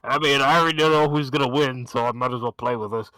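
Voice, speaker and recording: A man's voice: mid-range voice, fairly even intonation, fast talker, sharp tone, smooth, no echo, natural voice, low-quality recording. A man voicing a stern court official in a Victorian courtroom game, with formal, pompous diction. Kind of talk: fan voice-over of game dialogue.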